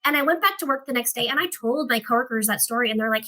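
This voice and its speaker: A woman guest on a podcast telling an animated story and acting out the dialogue in it. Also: a little high, racing, few pauses. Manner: expressive, acts out dialogue in her stories.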